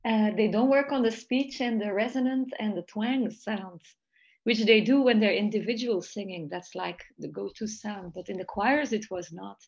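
A woman's voice: mid-range voice, normal speed, a little mellow, muffled recording. A Belgian woman who teaches jazz voice, speaking English in an online interview and analyzing singing technique in a thoughtful, careful way. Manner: thoughtful, analytical, light laughs between points. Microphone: video call.

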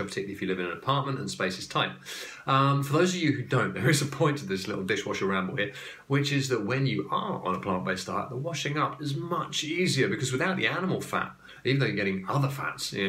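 English male host, chatty and digressive, bright forceful tone, lowish register. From England. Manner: chatty, joking asides and digressions. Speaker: podcast host. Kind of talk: casual explainer talk. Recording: echoey room.

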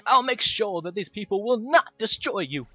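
Booming slow-preaching reverend, as a man puts him on, higher than his own voice, dull lo-fi sound with game music under it. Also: lively intonation, breathy edge, no room sound, exaggerated voice. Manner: drawn-out, loud sermon cadence.

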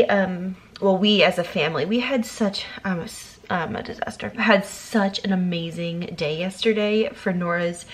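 A woman, a mother, chatting casually to the camera in her home kitchen, bubbly and laughing often, with rambling asides. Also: on the low side. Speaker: family vlogger and mother. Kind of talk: casual vlog chat to camera.

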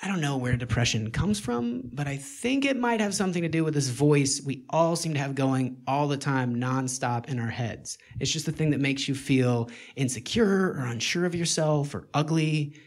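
A man's voice: on the high side, normal speed, hardly any pauses. A man doing a stand-up comedy routine on a club stage, rambling and self-mocking as he acts out his own inner voice.

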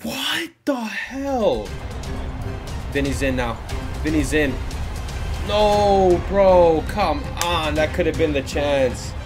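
A young man commenting live on his own football video game match, excitable, with frustrated outbursts and shouts at big moments. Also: fairly high pitch, takes it slowly, over music. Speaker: gaming YouTuber.

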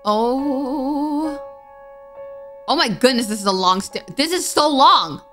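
A woman's voice: fairly high pitch, sing-song, a little fast, a bit bright, soft background music. A woman streaming a horror game, gasping and talking anxiously to herself as she plays. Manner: jumpy, gasping, anxious self-talk. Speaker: gaming streamer. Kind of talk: horror game let's play commentary.

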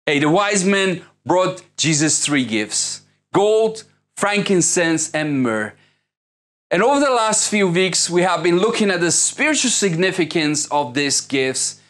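A man with a high voice for his sex, preaching a sermon as a pastor. He prays in measured phrases and drives his points home with emphatic repetition. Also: sing-song, fairly bright tone. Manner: prayerful, then building into impassioned preaching.

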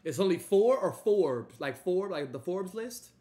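A man giving loose, animated, profane reaction commentary, trailing off and restarting. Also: high-pitched, a little slow, loud music behind the voice. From Louisiana. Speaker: music reaction host. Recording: echoey room.

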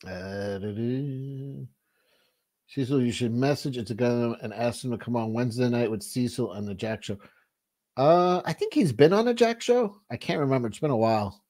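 A man hosts a casual livestream, chatting loosely with his co-host and the viewers. His voice sits at an ordinary middle pitch. He rambles, swears freely and often stops and restarts his sentences. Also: normal speed, a little mellow. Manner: rambling, profane, frequent restarts.

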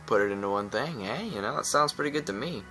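A man's voice: mid-range voice, animated, fast, bright, forceful tone. A young man rambling into his webcam, worn out from lack of sleep, hyper and goofy, slipping into silly voices. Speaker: gaming YouTuber. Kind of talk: rambling casual vlog talk. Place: indoors at home, at night into dawn. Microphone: webcam close to the face. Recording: music playing behind.

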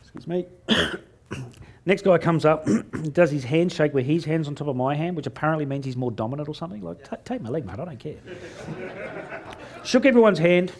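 A middle-aged Australian man telling a funny story to an audience, playing out each line of dialogue himself. His voice sits a little high and he mocks himself as he goes. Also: moderate pace. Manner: lively storyteller who acts out dialogue, self-mocking. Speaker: motivational speaker. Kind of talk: humorous storytelling talk on stage.

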